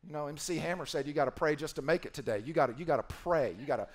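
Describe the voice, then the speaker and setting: Playful pastor preaching with a higher voice. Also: male voice, racing. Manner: playful, acts out quoted voices; repetitive, emphatic preaching. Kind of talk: sermon.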